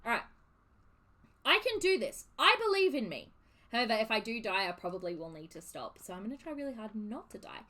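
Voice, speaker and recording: Lively, bright-voiced woman streamer. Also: a little high, brisk. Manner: animated, sweary, exasperated recapping. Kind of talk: casual chat while live streaming a game.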